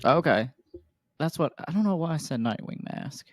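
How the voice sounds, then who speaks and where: A man's voice: on the high side, expressive, moderate pace, dry recording. A man co-hosting a casual movie review chat in a laid-back, agreeable way. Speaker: podcast co-host.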